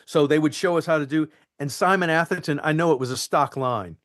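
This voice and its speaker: A man, an actor being interviewed, telling animated stories from film sets and acting out the lines. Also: fairly high pitch, fairly quick. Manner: animated, acts out quotes and lines. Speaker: actor guest. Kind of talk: anecdotal interview storytelling.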